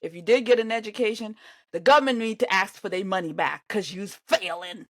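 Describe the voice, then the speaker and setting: A woman with a medium-pitched, brisk voice reacts to an interview, indignant and sarcastic, talking back at the screen. She's animated, swinging between loud outbursts and muttering. There's no room sound.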